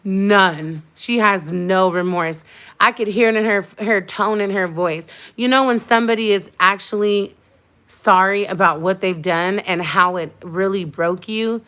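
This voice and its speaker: A woman's voice: mid-range voice, unhurried, sharp tone, clear, resonant tone. A young woman talks straight to her viewers in a casual livestream chat. She recounts what happened with heated emphasis. She circles back and repeats her points to drive them home. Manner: heated, emphatic storytelling with repetition. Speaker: vlogger.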